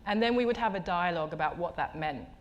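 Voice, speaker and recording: A woman's voice: fairly low pitch, lively intonation, fast, highs cut off. A woman, an artist guest who tells stories at a live talk, reflective, restarting her words and acting out the voices she quotes. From England. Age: 30s. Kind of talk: conversational storytelling at a live talk. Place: stage at a live talk venue.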